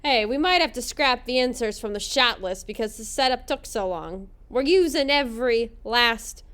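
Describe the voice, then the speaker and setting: A woman voicing a gruff blue-collar male landscaper in a put-on British accent, halting and self-conscious. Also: fairly high pitch, lively intonation, fairly bright tone.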